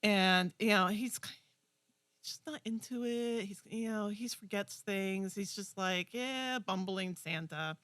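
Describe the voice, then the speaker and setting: A young woman co-hosting a community TV talk show, retelling a movie with enthusiastic, animated chat. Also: mid-range voice, unhurried, no echo. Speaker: co-host. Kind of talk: casual chat.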